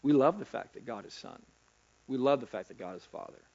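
A man's voice: mid-range voice, animated, fairly quick, vocal fry, darkish tone, husky, dull audio. A middle-aged male pastor preaching a sermon in a chatty way, asking the congregation rhetorical questions. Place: church hall.

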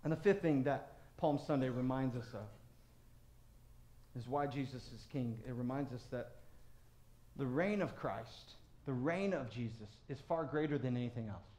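A man preaching a sermon as pastor, moving between loud, fervent passages and low, quiet emphasis. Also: moderate pace, echoey room.

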